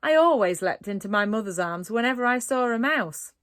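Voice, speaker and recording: A woman reading a storybook aloud and voicing a timid, nervous male newsagent who frets in anxious rushes. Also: a little high, expressive, a bit bright, dry recording, clean studio sound. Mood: sheepish. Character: jittery, timid male newsagent, middle-aged.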